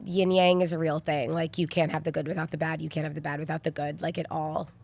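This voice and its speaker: A woman's voice: sits low, little pitch movement, fast, vocal fry, darkish tone. A woman hosting an interview, speaking in an affectionate, effusive and encouraging way. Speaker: podcast host. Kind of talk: sit-down interview conversation.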